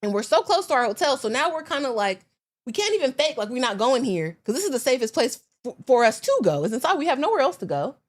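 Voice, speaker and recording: An American woman, a podcast guest, telling stories in a lively, slangy, casual way. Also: high voice, quick pace. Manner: animated storyteller, slangy. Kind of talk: casual chat.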